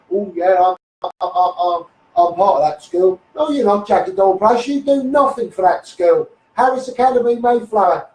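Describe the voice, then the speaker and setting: A man's voice: high-pitched, a little mellow, roomy sound, far from the mic, low-quality recording. A man with a Scouse accent in a blunt, rambling live stream rant, repeating "mate" and "you know what I mean". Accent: Liverpool (Scouse). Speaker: local campaigner on a live stream. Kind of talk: ranting live stream monologue.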